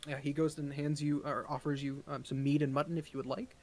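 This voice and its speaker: A man's voice: fairly high pitch, flat delivery, quick pace. A man running a tabletop game as game master, narrating casually with frequent hesitations.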